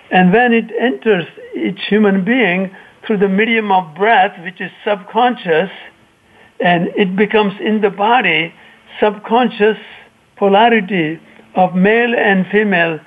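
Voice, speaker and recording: High-voiced man on a tinny phone line. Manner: halting, restarts phrases, reflective. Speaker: yoga teacher and author. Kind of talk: radio interview answers.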